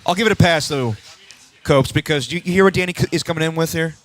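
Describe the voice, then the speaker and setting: A man's voice: on the high side, fast. A man co-hosting a sports radio show, easygoing and laughing along. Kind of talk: casual radio chat.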